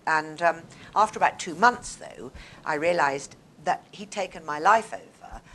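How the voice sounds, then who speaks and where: A woman's voice: on the low side, slight background noise. An older woman telling personal stories expressively to a live audience, acting out the scenes. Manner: expressive, animated, acts out scenes. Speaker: guest speaker on stage. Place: stage before a live audience.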